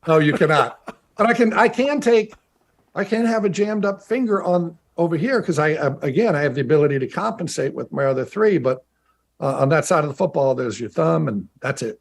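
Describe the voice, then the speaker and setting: Animated former player on a video call. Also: male voice, fairly high pitch, vocal fry. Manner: storytelling, animated, quick asides. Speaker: guest, former player and team broadcaster. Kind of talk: casual interview chat.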